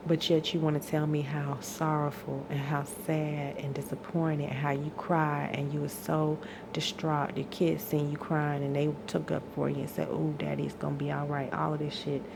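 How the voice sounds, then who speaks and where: A woman's voice: low-pitched, little pitch movement, moderate pace, creaky, noisy background. A woman in an exasperated, profane personal rant, tired and venting, her voice climbing into outbursts. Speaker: vlogger venting.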